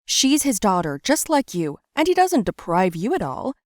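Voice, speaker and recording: A woman plays a patient mother in an animated storybook, reasoning gently and coaxing in a calm way. Her voice sits at a middle pitch and sounds dry and close-miked. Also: normal speed, no room sound, lightly acted. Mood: soothing. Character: patient mother soothing an upset daughter.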